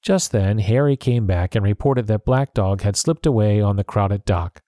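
A man narrating a story in a measured, steady reading. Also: lowish voice, no echo, studio quality.

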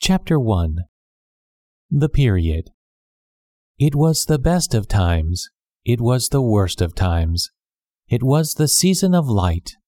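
A man reading a classic novel aloud as scripted storybook narration, measured and clear. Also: mid-range voice, very animated, mellow, no echo, studio quality. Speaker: audiobook narrator.

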